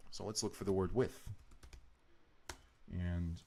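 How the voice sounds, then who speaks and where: A man with a very deep voice gives live-stream commentary while he edits a video. He explains each choice at length, wanders off on side thoughts and restarts his sentences as he goes. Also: fairly even intonation, slow pace, creaky, warm tone, slight background noise.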